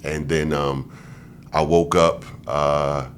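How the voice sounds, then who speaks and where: A man's voice: extremely low pitch, flat delivery, slow, slight background noise. A man, a podcast guest, telling a story casually and animatedly, with slang, acting out the people he quotes.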